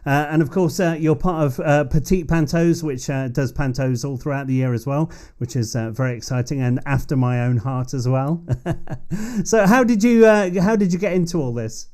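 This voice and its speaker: A man hosting a live online chat show, relaxed and full of fillers. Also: on the high side, moderate pace. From England. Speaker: host.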